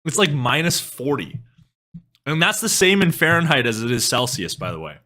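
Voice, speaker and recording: His pitch runs on the high side with big swings, at a normal speed and with a sharp tone. A young music streamer from western Canada, Canadian accent, he rambles to his stream chat, drifts off-topic, and curses casually.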